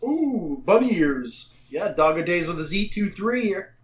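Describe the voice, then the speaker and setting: A man's voice: high-pitched, big pitch swings. Man bantering on a dull lo-fi podcast. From Boston area. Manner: joking, swears freely, quick to laugh. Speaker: podcast co-host. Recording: dull lo-fi sound.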